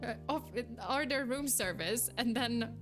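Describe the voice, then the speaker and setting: A young woman chatting casually on a live stream, reacting to chat with quick, giggly, animated replies. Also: fairly high pitch, music in the background.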